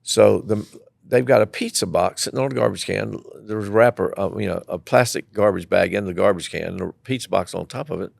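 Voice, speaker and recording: An older man speaks in a low, rough, gravelly voice, recorded close and dry. He tells his stories with energy and acts out the people in them. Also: fairly quick, a little mellow, no echo. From southeastern Tennessee. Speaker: guest, former elementary school principal. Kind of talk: storytelling interview.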